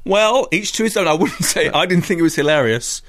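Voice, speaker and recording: A man reviewing films on a radio show, giving quick, animated opinions with frequent restarts. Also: fairly high pitch. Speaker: film critic. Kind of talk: radio chart review chat.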